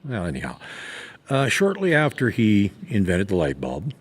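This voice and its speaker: A man's voice: lowish voice, huge pitch swings, normal speed, slightly rough. A man giving a casual spoken lesson on horse training, talking in a rambling, folksy way with plenty of fillers and restarts. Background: horses nearby.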